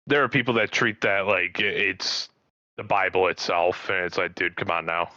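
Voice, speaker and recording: A man's voice: low voice, steady tone, normal speed, sharp tone, no echo. A man in casual co-host chat, laid-back and wry, swearing casually. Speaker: podcast co-host. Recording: dry, muffled lo-fi audio.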